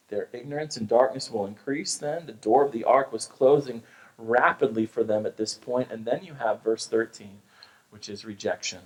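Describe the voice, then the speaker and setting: A man's voice: mid-range voice, rough recording. Earnest American man preaching a sermon. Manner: earnest, emphatic preaching with repeated restarts. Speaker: pastor. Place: church sanctuary.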